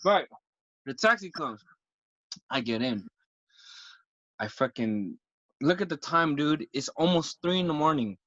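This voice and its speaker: A man from San Francisco tells a story on a podcast, acting out his own lines with plenty of swearing. His voice is bright and sits a little high. The recording is dry but dull and lo-fi. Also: expressive, unhurried, long pauses, dry recording. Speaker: podcast guest. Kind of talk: casual storytelling.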